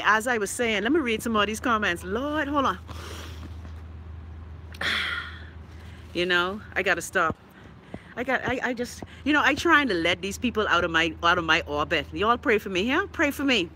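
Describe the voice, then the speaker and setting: A sassy Bahamian woman hosts a casual live stream and reads her viewers' comments aloud. She talks bluntly, swears freely and laughs often, and her voice has a bright, forceful edge. A faint noise runs under her. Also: mid-range voice. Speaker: livestream host reading viewer comments.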